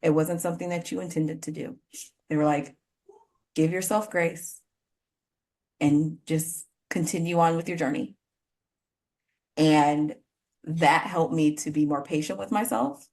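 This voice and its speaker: A woman's voice: low-pitched, fairly even intonation, a little slow, long pauses, darkish tone. A woman hosting a podcast interview, talking in an effusive, emotional way with many fillers and apologies. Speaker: podcast host.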